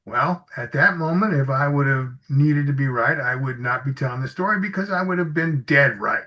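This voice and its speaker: At normal speed and in a mid-range voice, a man interviewed as an executive coach tells anecdotes in a relaxed, chatty style while acting out dialogue from his stories. The audio is slightly muffled.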